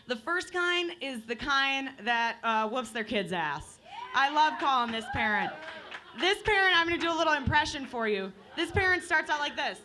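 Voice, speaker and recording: A woman's voice: high voice, lively intonation, moderate pace, bright, forceful tone. A woman in her twenties from Michigan doing open mic stand-up comedy, chatty and profane, playing with the crowd on a bar stage. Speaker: stand-up comic.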